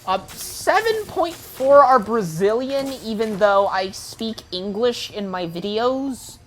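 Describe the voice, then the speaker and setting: A woman's voice: a little high, animated, slow pace, faint music behind. An American woman giving casual, rambling gameplay commentary full of ums and restarts. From United States. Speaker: gaming YouTuber.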